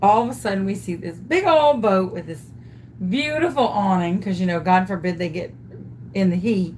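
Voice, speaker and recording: A woman chats her way through a funny story while she crafts. She is animated and self-amused, with a mid-range voice. Faint background hiss sits under the recording. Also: mid-range voice, moderate pace. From Louisiana. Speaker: craft vlogger.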